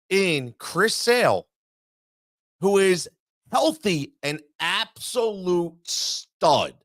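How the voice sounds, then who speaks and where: A fairly high-voiced man hosting a sports talk show, venting his frustration in a fired-up monologue. He repeats lines for emphasis and stumbles over restarts. The recording is dry and close. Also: fairly bright tone, dry recording. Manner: exasperated, repeats himself, stammering restarts.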